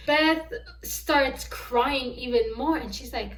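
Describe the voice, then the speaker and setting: Woman vlogger, fairly high voice, exasperated movie recap, off-mic in an echoey room. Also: slow, a bit bright, recorded from a distance. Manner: exasperated, incredulous storytelling. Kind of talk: casual movie review recap.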